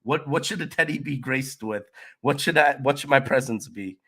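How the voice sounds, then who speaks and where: A man's voice: mid-range voice, normal speed. Sick, nasal man hosting a crypto livestream. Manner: loopy, relaxed, rambling with restarts. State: sick and nasal, slight cough. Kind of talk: casual livestream chat reading comments.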